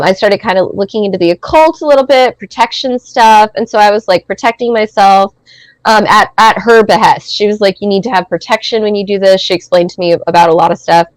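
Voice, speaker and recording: Woman in her thirties, podcast guest, chatty and animated storyteller, dry close sound. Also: mid-range voice, dry recording, low-quality recording. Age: 30s. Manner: animated, rambling, heavy use of filler words. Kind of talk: casual storytelling.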